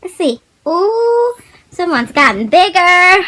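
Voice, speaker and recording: A woman's voice: very high-pitched, lively intonation, unhurried, sharp tone. A Jamaican woman in her thirties using sing-song baby talk to wake her child at home. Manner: cooing, drawn out, singsong. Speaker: mother. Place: at home, indoors.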